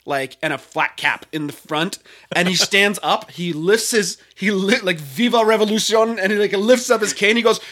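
Bright guy w a slightly high voice, rambly animated storytelling on a podcast. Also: normal speed. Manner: animated, acts out quotes with big voice jumps. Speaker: podcast co-host. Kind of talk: casual storytelling chat.

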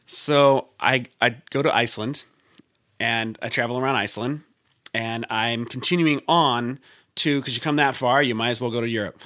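A man chatting casually and telling a travel story, animated and laughing often. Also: medium pitch, normal speed. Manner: animated, laughs often, puts on voices for quotes.

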